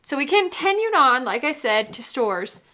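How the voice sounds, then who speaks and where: A woman's voice: sits high, very animated, moderate pace, pushed and bright. A woman hosting a casual whiskey vlog from home, bubbly and gushing, full of "like" and "literally". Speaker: whiskey vlogger.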